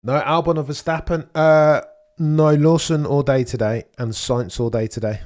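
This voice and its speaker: A man's voice: a little high, fairly even intonation, moderate pace, a little mellow. A young man hosting a casual live watchalong stream, chatting and answering viewers' messages as he talks. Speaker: livestream host.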